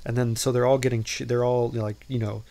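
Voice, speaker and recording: Gravelly-voiced man rambling through a recap. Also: mid-range voice, level tone, fairly quick, mellow, a little hiss or hum. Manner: rambling, filler-heavy, lots of "like" and "um"; playful, self-interrupting asides. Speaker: podcast host. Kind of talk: casual movie recap.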